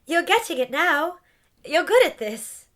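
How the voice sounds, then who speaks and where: A woman's voice: extremely high pitch, very animated, measured pace, fairly bright tone, pitched above the performer's own voice, full character voice. A woman voicing a friendly, bubbly young witch who laughs and encourages, in a play reading. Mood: cheerful.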